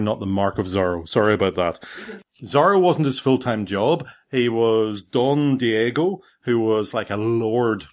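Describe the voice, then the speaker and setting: A middle-aged man hosting a family podcast speaks in a lowish, expressive voice at a measured pace. His talk is casual, rambling and playful, and he frequently pauses to fix what he's just said.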